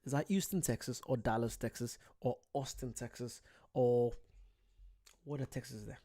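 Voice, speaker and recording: This is a UK man on his first live stream, at home late at night, greeting viewers by name in relaxed conversation. His medium-pitched voice is warm and moves at a moderate pace.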